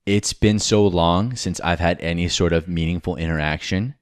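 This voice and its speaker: A man's voice: low voice, normal speed, dry recording, clean studio sound. A man co-hosting a podcast, giving rambling, frank advice with casual swearing and jokes. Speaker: podcast co-host.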